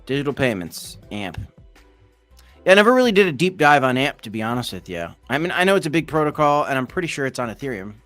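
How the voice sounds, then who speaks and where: A man's voice: mid-range voice, very animated, quick pace, a bit bright, soft background music. A man hosting a casual livestream, reading chat comments aloud in a loose, jokey, rambling way. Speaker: host of a crypto livestream.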